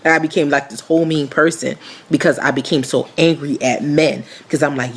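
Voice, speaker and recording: A woman in her twenties giving a candid personal testimony, frank and animated, with casual slangy speech full of fillers, acting out the voices in her story. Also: rumbling low, normal speed, husky. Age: 20s. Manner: frank and animated, acts out quoted dialogue.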